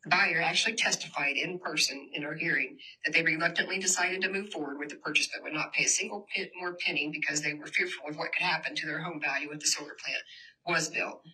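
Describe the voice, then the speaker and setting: A woman's voice: low-pitched, steady tone, fast talker, bright, forceful tone, breathy edge. A woman giving an impassioned public presentation in a university hall, addressing the audience directly. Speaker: community organizer giving a talk.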